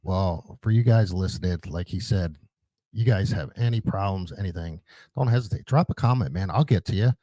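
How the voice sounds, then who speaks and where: Man, podcast host, low voice, mellow tone, warm and brotherly, casual interview. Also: moderate pace, dry recording.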